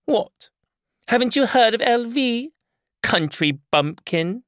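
Man putting on a shrill scornful faded woman. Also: expressive, a little slow, fairly bright tone, no echo, studio quality. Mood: mocking. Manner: shrill, mocking, theatrical. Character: brash faded older woman, flamboyant, scornful. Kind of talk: audiobook character voice.

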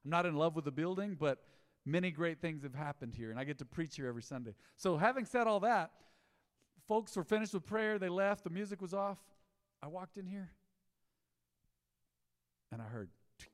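A man preaching a sermon in his church, telling a story with lively swings between loud exclaims and hushed asides. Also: on the high side, fairly quick, long pauses, long reverb tail. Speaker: pastor. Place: church sanctuary.

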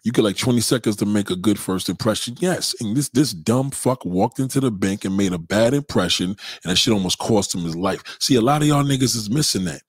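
New dude ranting loud on his stream, kinda raspy, dead dry mic. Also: fairly low pitch, lively intonation, brisk, few pauses, dry recording. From New York. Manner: loud, swaggering, laughs often. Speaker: live-stream host. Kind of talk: casual profane rant to viewers.

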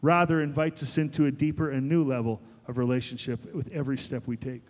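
A man in his forties preaching a sermon as pastor, animated and emphatic, rising to higher peaks. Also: fast. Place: church sanctuary. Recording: long hall reverb.

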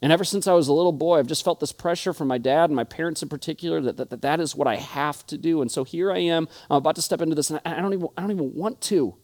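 A man's voice: fairly high pitch, quick pace, hardly any pauses, a little mellow. A young adult man preaching a sermon, telling stories earnestly and often restarting his words. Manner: earnest storytelling with repeated restarts. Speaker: pastor.

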